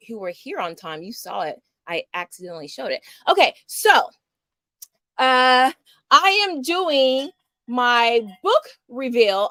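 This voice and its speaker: A woman's voice: on the high side, sharp tone, dry recording. A middle-aged woman from Houston, hosting a casual homeschool livestream in a chatty, rambling way. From Houston, Texas. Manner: chatty, upbeat, rambling with fillers. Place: small home studio.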